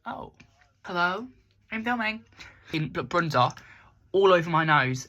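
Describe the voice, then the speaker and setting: A woman's voice: lowish voice, lively intonation, a little slow, a bit bright. A young woman, chatting casually through a makeup tutorial in her bedroom, rambling and poking fun at herself. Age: young adult. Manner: rambling, chatty, self-mocking. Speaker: makeup vlogger.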